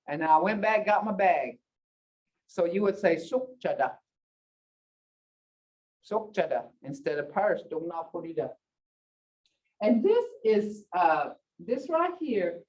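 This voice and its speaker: A middle-aged woman teaching a language class in a casual, chatty way, telling stories with laughs and big jumps in pitch when she quotes people. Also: a little mellow. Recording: distant, dull lo-fi classroom recording.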